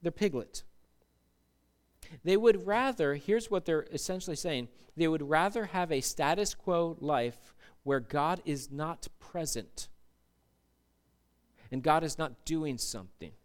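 A male pastor preaching a sermon in a church, animated and acting out panicked voices. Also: on the high side, slow pace, long pauses.

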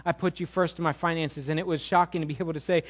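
A middle-aged man preaching a sermon as a pastor, telling a story with big loud peaks and quiet, intimate low passages. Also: fairly even intonation, fast talker.

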